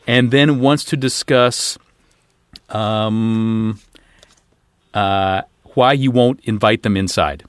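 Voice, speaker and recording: A man on a comedy improv panel, spinning absurd ideas with deadpan delivery. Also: fairly low pitch, slow, pauses often, clear, resonant tone, dry recording.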